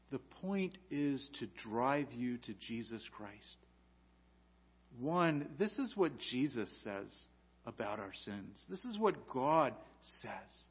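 A man preaching a sermon as pastor, rising to loud emphatic peaks and dropping to quiet, low lines. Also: husky, muffled recording.

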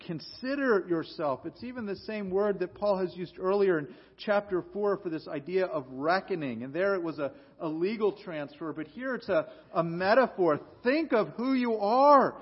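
A pastor preaching a sermon in a high, husky voice. He sinks to quiet, earnest lows, then lifts into loud commands. The recording is dull and lo-fi. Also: expressive, moderate pace, hardly any pauses.

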